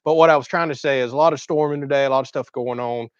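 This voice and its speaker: Man, livestream host, slightly hoarse, folksy rambling chat, dull lo-fi dry sound. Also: medium pitch, steady tone, very fast, no room sound. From Florida. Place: outdoors at a home cooking spot.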